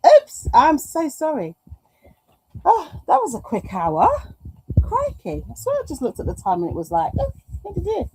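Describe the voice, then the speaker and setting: A woman's voice: sits high, huge pitch swings, normal speed, mellow, slight background noise, low-quality recording. A middle-aged woman hosting a live stream at home, chatting and reading out viewer comments in a rambling, affectionate way. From United Kingdom. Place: home room.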